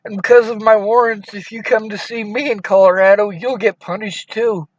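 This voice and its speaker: Distressed high-voiced man on a call. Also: fairly even intonation, moderate pace, no echo, dull audio. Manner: distressed, pleading and bitter. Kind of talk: emotional phone call.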